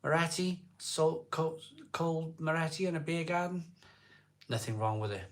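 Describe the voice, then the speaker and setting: Welsh bloke hosting a live beer stream, easygoing and jokey, middle aged, just chatting away. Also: male voice, a little high, animated, normal speed. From South Wales. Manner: chatty, jokey, reads out viewer names and comments. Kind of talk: casual live-stream chat reading viewer comments.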